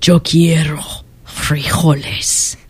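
A woman voicing a big, solemn male Chihuahua gang leader in a children's storybook, speaking low, slow and grave. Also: expressive, darkish tone, no echo. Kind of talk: children's storybook read-aloud.

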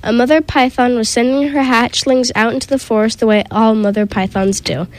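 A woman hosting a community radio show and reading a children's picture book aloud, with gentle delivery and small slips and restarts. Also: on the high side, steady tone, brisk, low-quality recording.

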